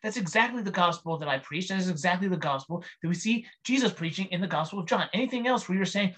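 A man teaching on the Bible in a casual monologue, emphatic and argumentative, his pitch jumping up on key points. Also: fast, hardly any pauses, a bit bright. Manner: mimics opponents in a mocking voice.

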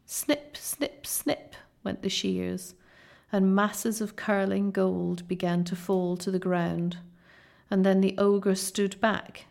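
A woman reading a children's novel aloud in a measured, dramatic storytelling manner. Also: mid-range voice, little pitch movement, vocal fry, a little mellow. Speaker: audiobook narrator.

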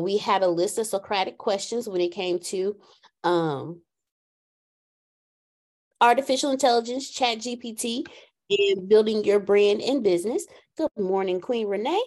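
A woman's voice: mid-range voice, normal speed, a little mellow. A woman from Texas with a Southern accent, co-hosting a casual livestream in a bubbly, chatty way, laughing often and drawing out her greetings. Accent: Southern American. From Galveston, Texas. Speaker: co-host.

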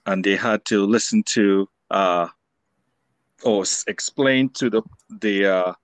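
A man interviewing a guest, asking questions slowly with lots of ums and uhs. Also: lowish voice, clear, resonant tone, no room sound. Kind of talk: conversational interview.

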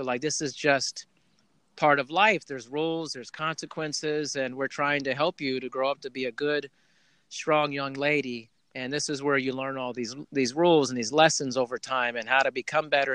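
A man hosting a podcast, telling a heartfelt parenting story in a warm, rambling conversational way with restarts. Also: medium pitch, clean tone, no echo. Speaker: podcast host. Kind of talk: casual conversational interview.

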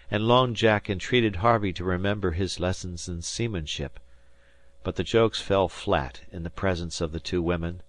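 A man narrating a classic novel as an audiobook in a measured, even storytelling manner. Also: sits low, no echo. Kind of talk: scripted narration.

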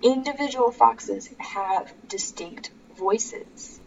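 A podcast co-host speaks slowly in a high-leaning voice with vocal fry while a crowd murmurs in the background. Her talk is casual and filled with filler words as she shares facts, and the lo-fi recording is slightly dull with a faint hiss.

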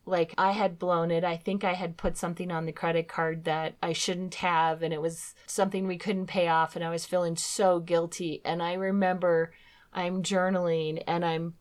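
Earnest middle-aged woman telling her story. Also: lowish voice. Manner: earnest storytelling, acting out her own past words. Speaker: co-host of a Christian talk program. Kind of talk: personal testimony in a faith talk.

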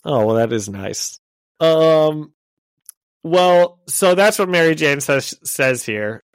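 A man's voice: fairly high pitch, expressive, takes it slowly, clear, resonant tone, dry recording. A man co-hosting a podcast in casual chat, recapping a comic and laughing often. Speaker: podcast co-host.

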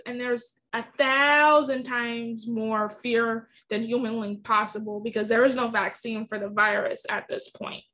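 A woman's voice: on the high side, a bit bright. A young adult woman hosting a podcast, telling a personal story in an earnest, emotional and candid way. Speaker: podcast host.

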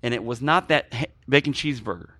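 A man co-hosting a movie podcast, chatting in an animated, joking, rambling way. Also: medium pitch, quick pace, no room sound. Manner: animated, jokey, rambling with food analogies. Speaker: podcast co-host. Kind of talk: casual movie podcast chat.

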